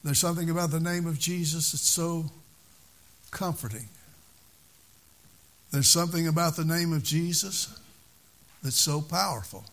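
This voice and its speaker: A man's voice: fairly high pitch, measured pace, long pauses, a bit bright. A man preaching a sermon at a church service, with a fervent, repetitive preaching cadence.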